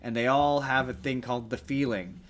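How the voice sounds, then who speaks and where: A man's voice: mid-range voice, fairly even intonation, normal speed. A man co-hosting a podcast, chatting casually about films, rambling and correcting himself as he goes. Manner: rambling, self-correcting, jokey. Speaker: podcast co-host. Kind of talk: casual movie chat.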